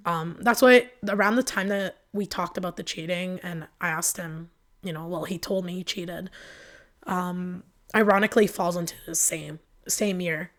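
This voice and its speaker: A woman's voice: lowish voice, fairly even intonation, normal speed, a bit bright. A woman guest on a podcast telling a personal story in a casual, filler-heavy way, acting out the back-and-forth of arguments. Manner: emotional retelling that acts out both sides of arguments.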